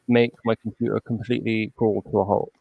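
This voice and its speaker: A man's voice: on the low side, flat delivery, brisk, creaky, no room sound, phone-quality sound. Wry man on a dry mic. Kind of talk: casual stream chat.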